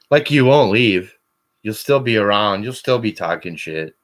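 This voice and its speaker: A man on a call-in show, ranting angrily and swearing constantly, his voice climbing toward shouts. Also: deep voice, animated, normal speed. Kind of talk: angry profane rant.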